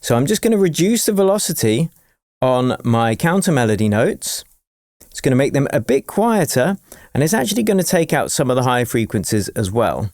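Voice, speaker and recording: A man's voice: medium pitch, big pitch swings, moderate pace, darkish tone, no room sound, studio quality. A man teaching melody writing in a step-by-step tutorial, in an upbeat, chatty, explanatory way. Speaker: music production tutor. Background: faint piano and synth music.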